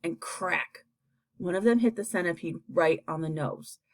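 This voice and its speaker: A woman reading a children's book aloud in a steady, expressive storytelling manner. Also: on the low side, a little slow. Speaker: audiobook reader. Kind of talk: audiobook narration.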